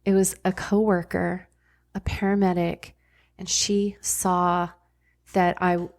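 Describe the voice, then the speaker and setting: Middle-aged woman, podcast guest, low-ish flat delivery, blunt and candid, casual swearing. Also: slow. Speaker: podcast guest, former ER nurse. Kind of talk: candid conversational storytelling.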